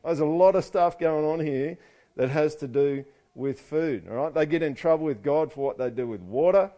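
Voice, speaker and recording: A pastor preaching in a loose, casual way. He drops joking, sarcastic asides between points. His voice is warm and mellow. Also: a little high, normal speed. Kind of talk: sermon.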